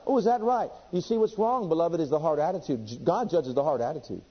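A man preaching a sermon with passion, reading scripture aloud and swinging between loud and hushed delivery. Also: fairly high pitch, expressive, fast, few pauses, husky, long reverb tail. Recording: dull lo-fi sermon recording.

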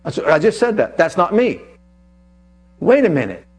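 A male preacher giving an animated sermon, telling a personal story and reading scripture aloud with emphasis. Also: sits high, moderate pace, breathy edge.

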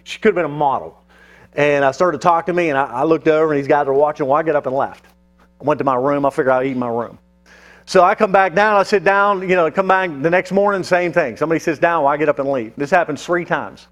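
Male pastor, sermon, storytelling, fairly high voice, church. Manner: storytelling with frequent fillers and restarts.

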